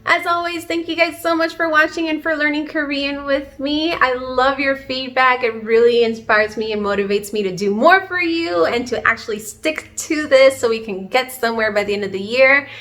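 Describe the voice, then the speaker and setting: A woman's voice: sits high, moderate pace, few pauses, a bit bright. Chatty woman teaching at a whiteboard. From Puerto Rico. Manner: chatty and encouraging, self-deprecating. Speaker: online language learner teaching viewers. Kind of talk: casual video lesson. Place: indoors at a whiteboard. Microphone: camera framing her at the board.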